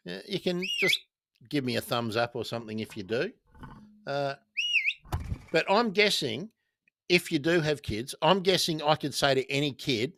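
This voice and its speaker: A man's voice: on the high side, expressive, normal speed, bright, forceful tone, dry recording, clean studio sound. Blunt Australian man hosting a livestream. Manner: blunt, swears, reads viewer comments aloud. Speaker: livestream host. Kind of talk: casual livestream commentary.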